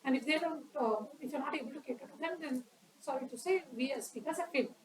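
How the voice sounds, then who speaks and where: A woman's voice: high voice, fast talker, recorded from a distance, noisy background. A woman giving an educational talk on public speaking at a club meeting, quizzing the audience and acting out examples.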